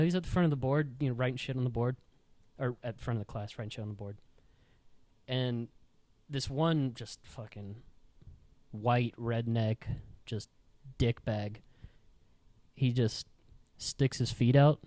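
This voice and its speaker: A man's voice: mid-range voice, darkish tone, dry recording. Young male podcast host; casual, profane storyteller, dry close studio sound. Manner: profane, rambling anecdotes with frequent fillers.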